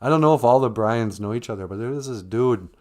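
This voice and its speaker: A man's voice: mid-range voice, fast talker, a little mellow. A man hosting a livestream, chatting casually from home in a rambling, joking way. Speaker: livestream host. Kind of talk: casual chat.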